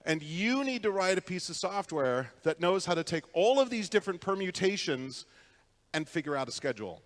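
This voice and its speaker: A man's voice: sits high, sing-song, normal speed, long reverb tail. A man giving a conference keynote, telling stories in a conversational way and putting questions to the audience. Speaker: keynote speaker. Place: conference hall.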